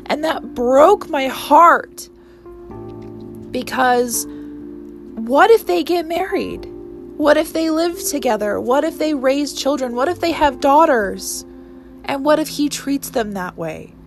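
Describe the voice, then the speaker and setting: Soft music plays behind a woman in her twenties as she hosts her own podcast in a casual solo monologue. She speaks slowly in a high voice with lively intonation, earnest and emotional, rambling with many restarts.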